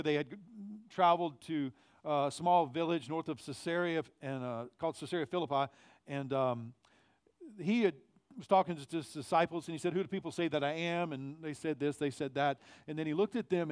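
A man's voice: a little high, smooth, dry recording. Man preaching a conversational sermon. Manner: conversational preaching, swells loud on key phrases. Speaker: pastor. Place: church sanctuary.

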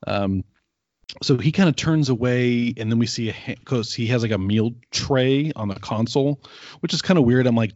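A man's voice: medium pitch, normal speed, a little mellow, no echo, muffled recording. A man co-hosting a podcast, casually recapping an episode with rambling asides and filler words. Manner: rambling, lots of ums and quoted asides. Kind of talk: casual chat.

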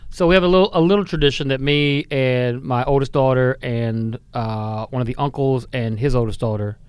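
A middle-aged man co-hosting a podcast, chatting casually, teasing and firing quick questions. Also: medium pitch, fairly even intonation, clear, resonant tone, no room sound. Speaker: podcast co-host. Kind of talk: casual chat.

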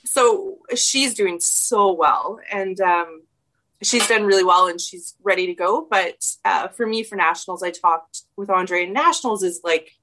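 A woman's voice: medium pitch, measured pace, pushed and bright. A woman, chatting as a podcast guest in a rambling way, often laughing. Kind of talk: casual conversation.

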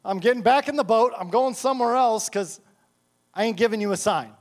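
A man's voice: high voice, fairly quick, natural voice. A male preacher voicing Jesus in a casual, slangy, exasperated way during a sermon.

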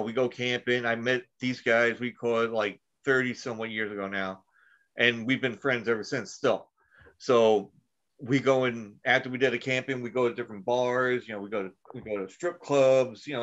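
A man's voice: medium pitch, steady tone, moderate pace, a bit bright. Rambling, profane man telling stories. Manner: rambling, profane, laughs at his own stories. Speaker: podcast host. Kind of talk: casual storytelling chat. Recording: dull lo-fi sound.

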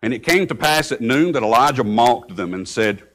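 A man preaching a sermon, breaking into sudden loud outbursts when he quotes scripture. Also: medium pitch, expressive, brisk, hardly any pauses. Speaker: pastor.

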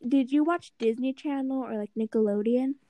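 A young adult woman with a high-pitched voice co-hosts a podcast, chatting casually at a moderate pace. She tells animated stories and giggles a lot, and the recording is dry.

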